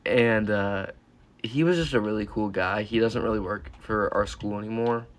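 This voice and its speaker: At a normal speed and a fairly low pitch, a teenage boy rambles through a YouTube storytime vlog. Swearing comes often, and so do the fillers "like" and "uh."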